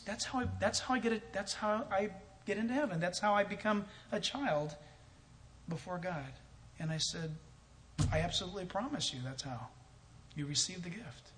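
A man's voice: high voice, fairly bright tone, slight background noise. A man telling a story in a sermon as a pastor, acting out both sides of a conversation and chuckling often.

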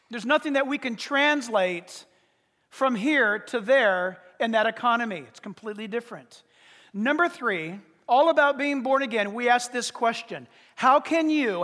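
A man with a strikingly high voice preaches a sermon, driving each point home with emphasis. He poses rhetorical questions and works through numbered arguments. His voice rings with the long reverb of a large hall. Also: pushed and bright. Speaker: pastor.

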